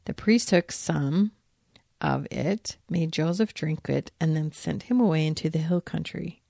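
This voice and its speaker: In an unhurried, low, creaky voice with a dark tone, a woman podcast host reads from an old religious text and reflects on it. Quoted lines get lifted emphasis. The recording is dry and studio quality.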